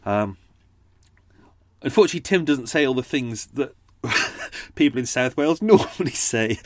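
A man's voice: mid-range voice, expressive, moderate pace, dry recording. A man hosting his own storytelling show, chatting casually and self-deprecatingly to listeners, with plenty of fillers and restarts. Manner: does character accents for his stories. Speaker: podcast host and storyteller. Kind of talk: casual rambling chat to listeners.

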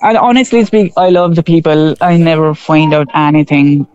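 A man talks in a casual radio chat, his voice a bit high and notably smooth and clear. He gropes for words, fills gaps with "like" and "uh," and laughs readily. The sound is dull and lo-fi, as off a broadcast. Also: fairly even intonation, moderate pace, a little mellow, no room sound. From Pakistan. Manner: hesitant, searching for words with many fillers, laughs easily. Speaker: railway station shop worker interviewed as guest.

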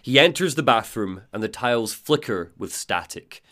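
Animated man recapping game lore. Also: mid-range voice, moderate pace. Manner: animated storytelling, reading quotes in voices. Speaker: podcast host. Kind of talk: casual lore recap podcast.

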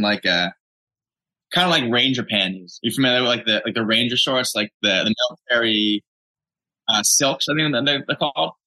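Bright-voiced casual gym owner. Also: male voice, medium pitch, poor audio. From New Jersey. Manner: loose storytelling, many "like" and "dude" fillers. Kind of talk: casual interview chat.

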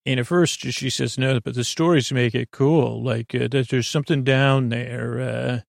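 A man hosting a bedtime podcast, retelling a TV episode in a rambling, halting way full of fillers and restarts. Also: mid-range voice, fairly even intonation, gravelly, no room sound, studio quality. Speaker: podcast host. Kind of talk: sleepy bedtime episode recap.

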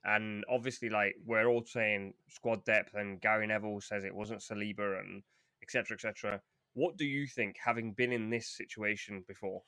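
A man's voice: lowish voice, fairly even intonation, moderate pace, bright, forceful tone, smooth, no room sound, studio quality. A man hosting a casual football podcast, playfully steering the discussion between guests. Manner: friendly, playful, steering the chat. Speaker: podcast host moderating.

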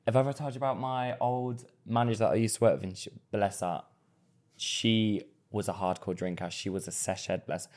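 A man co-hosting a podcast, telling gossipy stories and acting out quotes. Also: on the low side. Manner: fast, animated gossipy storyteller doing quotes. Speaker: podcast co-host. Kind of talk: casual chat.

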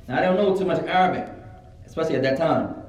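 A man's voice: on the high side, fast talker. Man teaching in an echoey hall. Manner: relaxed, animated storyteller, acts out quotes. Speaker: religious teacher. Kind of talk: classroom lesson with storytelling. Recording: echoey room, mic far off.

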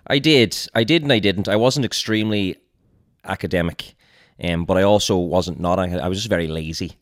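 A man's voice: low voice, a little fast, no echo, clean studio sound. A young Irish man with a Donegal accent, a podcast guest talking in a casual, self-deprecating, laughing way. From Ireland, County Donegal.

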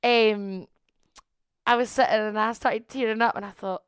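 A woman's voice: on the high side, steady tone, moderate pace, clean tone, dry recording, clean studio sound. Giggly woman chatting on a podcast. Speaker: podcast co-host. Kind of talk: casual chat.

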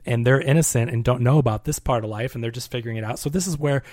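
A man's voice: mid-range voice, quick pace, darkish tone, no room sound. Rambling man recapping a movie, dry mic. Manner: rambling recaps with lots of fillers. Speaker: podcast co-host. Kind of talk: casual movie discussion podcast.

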